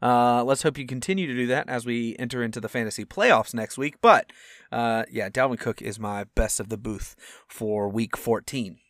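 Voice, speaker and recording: A young man co-hosting a football podcast in casual chat, animated and acting out quotes with sudden loud outbursts. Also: medium pitch, moderate pace, no room sound, clean studio sound. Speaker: podcast co-host.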